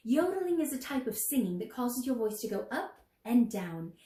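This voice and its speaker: High gentle lady singing along slowly with kids, echoey room, soft music behind. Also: sing-song. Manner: gentle, encouraging, sings show tunes and yodels. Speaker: sing-along leader. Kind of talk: singing and teaching a children's sing-along.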